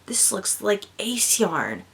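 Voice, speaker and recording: A bubbly young woman talks in a loose, rambling way, full of fillers, now and then slipping into a soft whisper. Her pitch sits in a middle range, and a faint hiss runs under her voice. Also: very animated, takes it slowly, gravelly. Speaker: doll vlogger. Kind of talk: casual chat.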